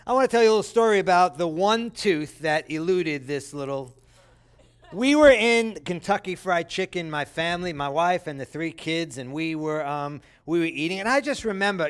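A middle-aged man preaching a sermon, telling stories with lively, animated delivery and loud acted-out bursts. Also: clean tone. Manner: animated storytelling, acts out voices with loud high bursts. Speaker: pastor.

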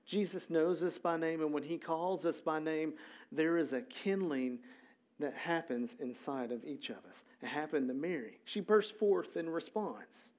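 Male pastor, sermon, loose conversational delivery with lots of fillers, slightly high voice. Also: a little slow. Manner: conversational, animated storytelling with frequent fillers.

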